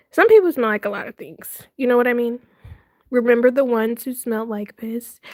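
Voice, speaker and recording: A woman hosting a livestream, telling a story in casual chat, animated and laughing often with dramatic retelling. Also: a little high, dry recording, studio quality. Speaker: livestream host.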